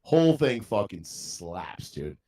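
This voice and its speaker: A man's voice: fairly low pitch, big pitch swings, slow pace, warm tone. A young man co-hosting a podcast, telling a long story in a rambling, profane way and laughing as he goes. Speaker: podcast co-host. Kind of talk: casual chat, storytelling.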